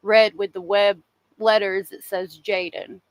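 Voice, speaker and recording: A woman's voice: medium pitch, level tone, unhurried, no echo. A woman hosting a true crime livestream, talking casually and emotionally and answering viewers in the chat.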